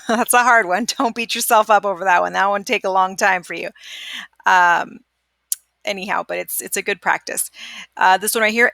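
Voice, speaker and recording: A woman teacher talking through a recorded screencast lesson, chatty with many fillers, and patiently repeating words slowly for students to copy. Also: medium pitch, sharp tone, dry recording, studio quality. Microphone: computer microphone during screencast.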